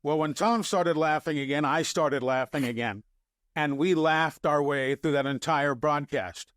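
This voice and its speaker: An older man from the New York area, a sports broadcaster, casually telling animated stories on a podcast, chuckling as he quotes himself. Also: fairly high pitch, measured pace, dry recording, studio quality.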